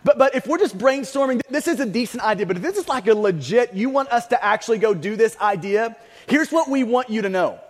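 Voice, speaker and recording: A man's voice: extremely high pitch, lively intonation, fast talker. A man voicing a group of worried male disciples, speaking earnestly and stumbling over repeated words. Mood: protesting. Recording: long reverb of a large hall.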